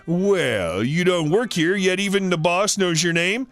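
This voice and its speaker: A man's voice: high-pitched, animated, measured pace, a bit bright, soft background music. A man voicing a rude, entitled woman customer who rants, swears and makes accusations. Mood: ranting.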